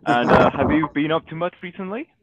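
A man's voice: on the high side, brisk, highs cut off, heavy background noise. A man hosting a casual podcast, upbeat, with short reactions and plain questions. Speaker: podcast host.

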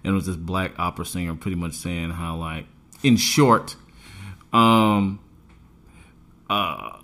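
Talker man for a podcast, heated and lively, swears a lot, big swings in pitch. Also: unhurried. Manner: animated, profane, emphatic ranting. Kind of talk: casual podcast chat.

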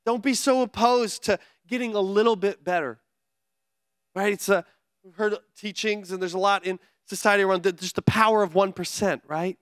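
A male pastor preaching a sermon in an energetic, conversational way, with playful asides. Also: high-pitched, no echo, clean studio sound.

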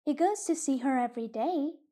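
A woman's voice: high-pitched, expressive, brisk, dark tone. A woman reading a tattling little brother. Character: tattling younger farm boy Frank. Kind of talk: audiobook reading of a short story.

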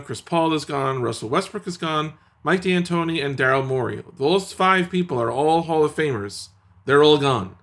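A man's voice: mid-range voice, a bit bright. A man hosting a casual sports podcast, talking in sardonic, emphatic runs. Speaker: podcast host.

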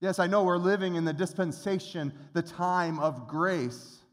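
Middle-aged man pastor, slightly high voice, earnest sermon, long church reverb. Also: moderate pace. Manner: earnest, conversational preaching with repeated restarts. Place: church sanctuary.

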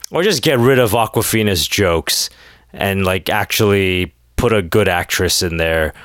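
In a dry, clean studio recording, a man with a low, slightly bright voice talks a little slowly. He's hosting a podcast by himself late at night, ranting casually and sarcastically, rambling and filling gaps with words like "like."

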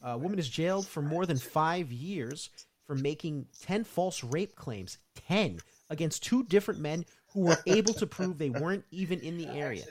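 A man's voice: a little high, expressive, moderate pace. A man co-hosting a casual podcast, reading out news items and adding sarcastic asides. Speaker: podcast co-host.

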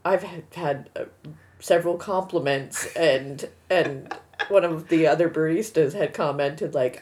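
A middle-aged woman co-hosts a casual podcast, animatedly telling stories and acting out what people said. Her voice sits low and she speaks unhurriedly.

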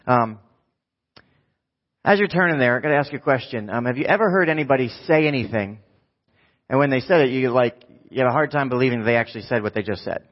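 A man's voice: medium pitch, fast, long pauses, dull audio. A man in his thirties, a pastor preaching in a church, telling a story in a casual, rambling, self-mocking way. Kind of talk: preaching a sermon with a personal story.

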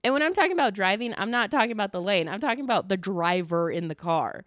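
A young woman from the United States chats on her solo podcast, telling a story in an animated, self-mocking way and swearing casually. Her voice sits at a middle pitch. The recording is dry and close, with no room sound. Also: fast talker, no room sound. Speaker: podcast host.

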